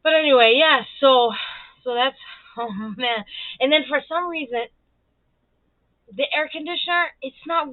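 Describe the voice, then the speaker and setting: A woman's voice: high-pitched, measured pace, long pauses. A woman hosting a casual livestream, chatting and telling stories, swearing freely and laughing often. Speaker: livestream host. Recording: dry, tinny phone-like sound.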